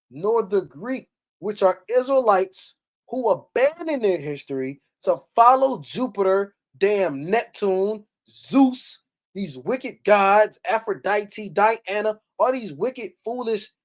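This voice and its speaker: Blunt preacher guy reading bible verses and picking them apart, keeps asking right?. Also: high voice. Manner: preachy, rhetorical questions, reads verses aloud then breaks them down; blunt and scolding, with mild swearing. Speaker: bible teacher. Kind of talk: scripture teaching sermon.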